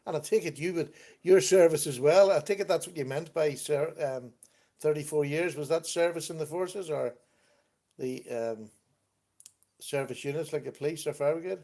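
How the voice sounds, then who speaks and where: A man's voice: fairly high pitch, normal speed, dark tone. A man hosting a casual livestream from his computer at home, chatting, laughing often and reading out viewer comments. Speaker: livestream host. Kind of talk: casual chat.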